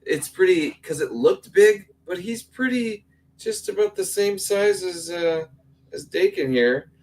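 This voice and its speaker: A man's voice: high voice, expressive, a little slow, low-quality recording. A man co-hosting a casual action-figure podcast, blunt and laid-back, swearing freely. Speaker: podcast co-host.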